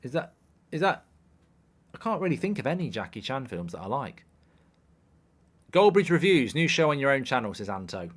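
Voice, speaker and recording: Man, thirties, livestream host, dry offhand chat, reads out viewer comments, mid-pitched voice. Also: big pitch swings, fairly quick. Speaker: football watchalong host. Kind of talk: casual live-stream chat reading comments.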